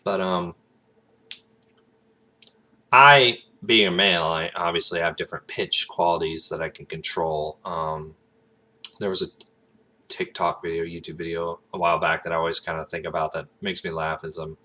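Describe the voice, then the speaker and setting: A man talking through a casual, rambling vlog, leaning on fillers and laughing along as he goes. His voice sits low but comes across bright and forward. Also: fairly even intonation, normal speed, pauses often. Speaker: aspiring actor, vlogger.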